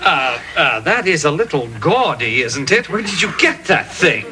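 A man's voice: a little high, big pitch swings, normal speed, sharp tone, soft background music. A man playing a fussy, officious staffer who talks pedantically. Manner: pedantic and prissy.

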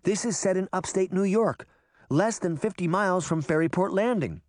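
A man doing an excitable little girl. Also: high-pitched, normal speed, no echo, clean studio sound, pitched above the performer's own voice, lightly acted. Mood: eager. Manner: eager and chattery. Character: excitable little girl, eager know-it-all.

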